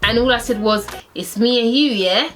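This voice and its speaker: A young woman with a slightly high voice tells a casual story-time tale from her own life in a relaxed vlog style, at a moderate pace. She is animated, acting out every quoted line with dramatic, big swings in pitch. Soft music plays faintly beneath her.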